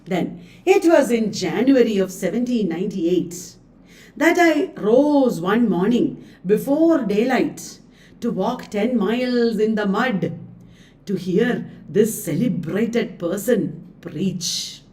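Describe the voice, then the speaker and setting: A woman's voice: mid-range voice, animated, slow, darkish tone, distant mic. A woman with an Indian accent coaching students live on literature exam questions, chatty and laughing often, mixing in Hindi words. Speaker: literature teacher.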